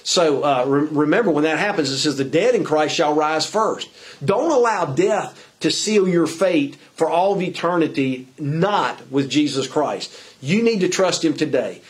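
A man preaching a sermon in an earnest, halting way, with many fillers and restarts. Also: fairly high pitch, expressive. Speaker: pastor.

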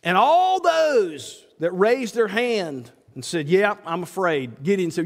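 A man's voice: sits high, slow pace, hardly any pauses. A male preacher, giving a folksy sermon and acting out conversations with God. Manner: folksy, acts out dialogue with God in lively voices. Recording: reverberant hall.

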